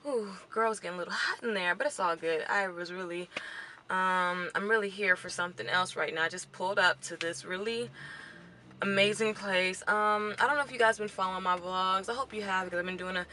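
Parked at a gas station, a young beauty vlogger talks to camera from her car in a casual vlog, chatty, emotional and close to tears, saying "y'all" often. Her mid-range voice is brisk, bright and forceful, with a little hiss or hum.

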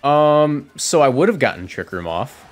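A man of middle pitch talks through his competitive games from a home streaming setup, chatty and quick to react. He corrects himself as he goes, and faint music plays in the background. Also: sing-song. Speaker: competitive game commentator. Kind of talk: casual gameplay commentary.

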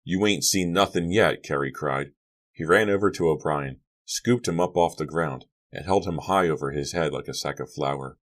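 A man's voice: extremely low pitch, normal speed. A man reading a teen horror novel aloud as an audiobook narrator, lifting his voice for the characters' lines.

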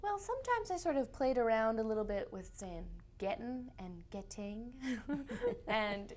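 A woman's voice: on the high side, sing-song, moderate pace, darkish tone, slight background noise. A young woman from Canada, an actress being interviewed, chatty, laughing often and trailing off into fillers. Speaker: actress guest. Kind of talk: casual interview.

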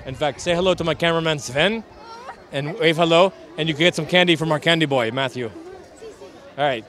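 A man's voice: fairly high pitch, fairly quick, fairly bright tone, some chatter behind, lightly acted. A man playing a Transylvanian count who claims to be a businessman, speaking in broken English and playfully reassuring children at an outdoor Halloween parade. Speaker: street interviewer.

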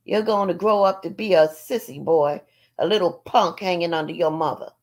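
A woman's voice: on the low side, moderate pace, natural voice. A woman reading aloud, voicing a harsh, bullying father who barks demands at his young son.

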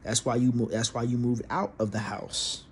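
A man's voice: mid-range voice, steady tone, moderate pace, a little hiss or hum. A young man telling a personal story in a casual, profane, rambling way, full of restarts and fillers.

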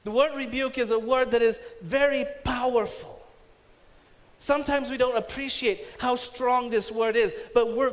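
A man preaching a sermon as pastor, emphatic and rising sharply when he voices commands. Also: very high-pitched. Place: church. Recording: long reverb of a church hall.

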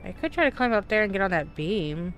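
A woman's voice: medium pitch, expressive, fairly quick. A Southern American woman in her thirties narrates her gameplay as she goes, chatty and full of exclamations. She talks to herself as she tries to work out where to go. Faint music plays behind her. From Texas, USA. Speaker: gaming streamer. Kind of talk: live gameplay commentary.

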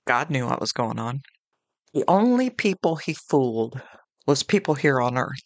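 A woman's voice: a bass voice, very animated, normal speed, no echo. A woman hosting a devotional podcast, talking in an earnest, conversational way and weaving in homely anecdotes. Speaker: podcast host.

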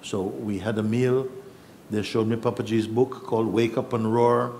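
A man telling a personal story in a reflective, halting way, acting out what others said. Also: lowish voice, steady tone, creaky, dark tone, a little hiss or hum. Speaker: spiritual teacher.

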